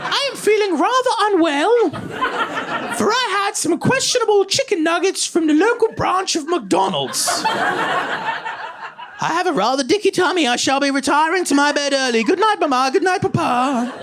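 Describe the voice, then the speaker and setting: A man putting on a shrill, prim mock-gentleman voice. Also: animated, moderate pace, background noise. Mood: prim, formal. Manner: stiff, overly formal and polite. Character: drunk teen boy posing as prim gentleman.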